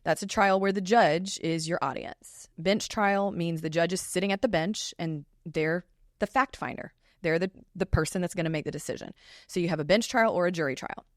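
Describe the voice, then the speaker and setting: A woman, a family law attorney hosting her own podcast in a chatty, animated way. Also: fairly low pitch, normal speed, dry recording, clean studio sound. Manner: chatty and animated, with lively asides. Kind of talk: casual solo podcast talk.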